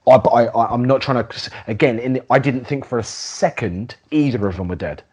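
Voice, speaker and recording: A man co-hosting a podcast in casual chat about a TV episode, speaking haltingly and trailing off. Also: medium pitch, a little mellow, breathy edge. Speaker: podcast co-host.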